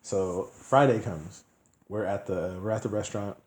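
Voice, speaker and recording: A man's voice: on the low side, moderate pace, a little mellow, echoey room. A man co-hosting a podcast, telling stories in casual chat, acting out quoted people in voices and laughing often. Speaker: podcast co-host.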